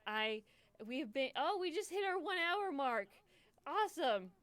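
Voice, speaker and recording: A woman's voice: sits high, sing-song, unhurried, a bit bright, dry recording. A young woman hosting a charity livestream, emotional and choked up, stammering and repeating herself as she talks casually to her viewers. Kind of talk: casual live stream chat.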